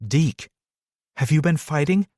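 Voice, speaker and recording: A man's voice: a little high, a little slow, darkish tone, no room sound, clean studio sound, pitched above the performer's own voice, close to an everyday voice. A man voicing a determined young woman, a schoolteacher who speaks firmly and demandingly. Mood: pleading. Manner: firm, demanding.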